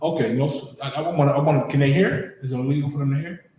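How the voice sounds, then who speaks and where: A man hosts a show and comments passionately over footage, preaching in blunt street slang. His voice sits high for a man. Everything rings out in a very echoey room. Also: very fast, darkish tone. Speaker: podcast host.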